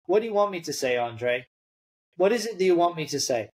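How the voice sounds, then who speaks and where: A man voicing an exasperated male tennis coach who shouts at his player. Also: fairly high pitch, expressive, brisk, breathy edge, pitched above the performer's own voice.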